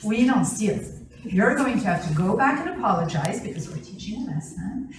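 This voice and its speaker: Animated woman teaching in an echoey room. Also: medium pitch, moderate pace, distant mic. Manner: animated, acts out quotes, laughs often, keeps asking "right?". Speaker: family skills class teacher. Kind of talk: lively classroom teaching.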